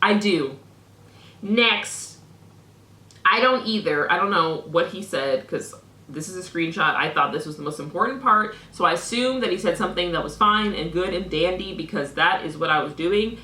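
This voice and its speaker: A woman's voice: lowish voice, lively intonation, moderate pace, bright, forceful tone, roomy sound. A young woman vlogger reading out messages with sarcastic, mock-indignant commentary.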